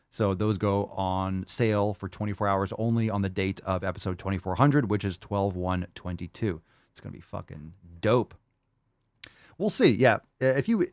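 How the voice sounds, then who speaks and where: A man hosting a casual solo podcast, reading out fan posts with loud, jokey, profane energy. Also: fairly low pitch, no room sound, clean studio sound. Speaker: podcast host.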